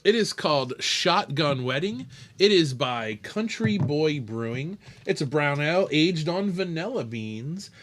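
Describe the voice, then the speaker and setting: A man on a casual beer podcast, chatting and swapping stories with his co-host. His voice sits a little high and swings widely up and down as he gets excited. He laughs often and acts out the voices of the people in his stories. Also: measured pace, slight background noise. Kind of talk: casual chat.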